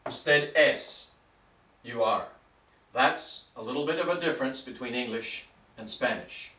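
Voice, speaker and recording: A man teaching a basic language lesson, patient and deliberate, spelling words out letter by letter. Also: medium pitch, bright, forceful tone, echoey room, far from the mic. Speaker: Spanish teacher.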